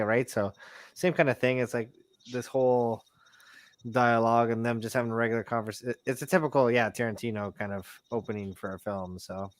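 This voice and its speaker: A man in a casual movie chat, rambling with many restarts and growing animated. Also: mid-range voice, fairly quick. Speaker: podcast guest.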